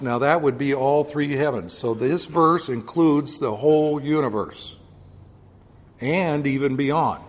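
A man's voice: medium pitch, unhurried, big-room sound. A man preaching a Bible lesson in a conversational way, explaining with everyday examples and correcting himself as he goes. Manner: conversational, explains with homely examples, many fillers and self-corrections. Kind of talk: Bible teaching sermon.

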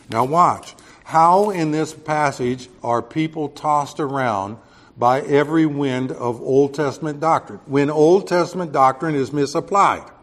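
A man from Texas preaching a Bible sermon in a conversational way, growing loud and emphatic on key points. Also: mid-range voice. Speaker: pastor.

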